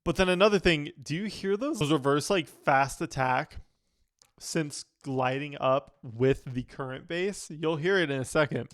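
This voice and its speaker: A man's voice: on the high side, measured pace, fairly bright tone. A man, a music producer, giving casual, enthusiastic reaction commentary and humming the sounds he hears. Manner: enthusiastic, often hums and vocalizes sounds to explain them. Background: faint music playing.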